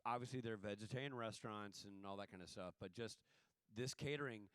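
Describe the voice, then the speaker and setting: A man from the American South, a panel guest and TV director, telling animated, joking stories in a casual convention Q&A. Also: on the low side, fast talker, clear, resonant tone, dry recording. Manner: animated storyteller, jokey, acts out voices. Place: convention hall stage.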